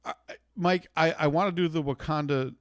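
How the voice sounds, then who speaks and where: A man's voice: a little high, brisk, no room sound, clean studio sound. A man hosting a podcast, debating casually, stammering through restarts and swearing as he gets worked up. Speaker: podcast host.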